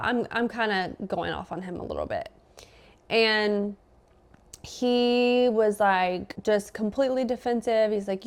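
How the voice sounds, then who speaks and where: A woman's voice: medium pitch, unhurried. A young adult woman, a podcast guest, telling a personal story in casual chat and acting out both sides of the conversation.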